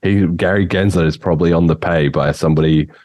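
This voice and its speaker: Very deep-voiced man hosting a podcast. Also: fairly even intonation, fast, darkish tone, no echo. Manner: rambling, laughing often. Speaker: podcast host. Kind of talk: casual podcast chat.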